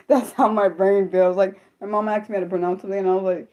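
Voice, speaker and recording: A young adult woman chatting casually on her livestream, apologetic and self-deprecating, swearing a lot and swinging from high laughing squeals to low mutters. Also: quick pace, dull audio. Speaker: livestream host. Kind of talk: unscripted livestream chat with viewers.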